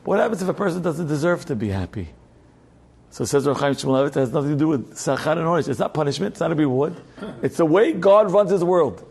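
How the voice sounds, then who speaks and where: A middle-aged rabbi teaches a Torah class through a personal story. His voice sits a little high for a man, and he swings between loud, emphatic high points and quiet, low asides. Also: animated, quick pace, gravelly, breathy edge.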